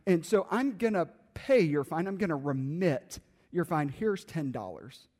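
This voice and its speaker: A man playing a kindly mayor sitting as judge, speaking with measured, gentle authority. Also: fairly high pitch, big pitch swings, in a large hall.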